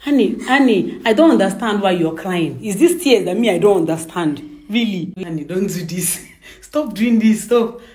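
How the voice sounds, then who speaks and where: A woman's voice: mid-range voice, animated, normal speed, hardly any pauses, a little mellow. A woman at home, coaxing and insistent, often laughing as she talks. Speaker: employer. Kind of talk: casual conversation. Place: home indoors.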